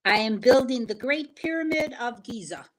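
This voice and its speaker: An older woman chats on a livestream in a middle-pitched voice. She tells stories in a folksy, rambling way, winding through each detail as she goes. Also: expressive, unhurried, over a noisy crowd, low-quality recording. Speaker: regular guest co-host. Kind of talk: casual livestream chat.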